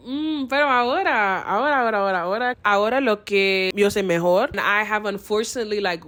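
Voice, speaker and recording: A young woman in her twenties talking to camera as a vlogger, earnest and heartfelt, slipping into bits of Spanish. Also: on the low side. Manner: earnest, heartfelt, candid and expressive. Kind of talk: casual vlog talk to camera.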